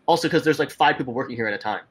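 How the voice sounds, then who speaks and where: A man's voice: mid-range voice, racing, husky. Young man telling work stories casually. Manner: swearing, animated storytelling with put-on voices. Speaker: podcast co-host. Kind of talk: casual chat.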